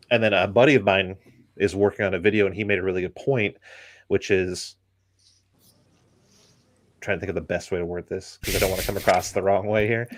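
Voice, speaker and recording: A man's voice: on the low side, no echo. A man in casual chat, giving an opinionated critique full of ums and likes. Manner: rambling, many ums and likes.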